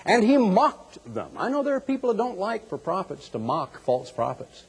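A man preaching a sermon with a husky, breathy voice. He shifts from hushed asides to high, loud bursts and acts out other people's voices. His words ring with a long hall echo. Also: sing-song, normal speed. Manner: dramatic, swings from low murmurs to high outbursts, mimics voices.

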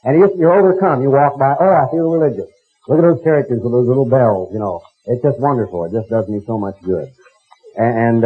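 Older American preacher, husky and wry, tinny lo-fi tape. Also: male voice, medium pitch. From United States. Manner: folksy storytelling, mocking impressions. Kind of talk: sermon with anecdotes. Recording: tinny phone-like recording.

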